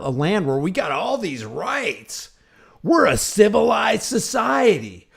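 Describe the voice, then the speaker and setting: A man's voice: high-pitched, creaky, darkish tone. A man hosting a commentary channel, reacting to a video with indignant, sarcastic remarks and rhetorical questions.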